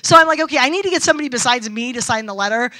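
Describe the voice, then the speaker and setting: A woman's voice: a little high, lively intonation, very fast, sharp tone, no room sound. A middle-aged woman speaking at a conference, brash and storytelling, acting out quoted dialogue. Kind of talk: conference talk. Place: event stage.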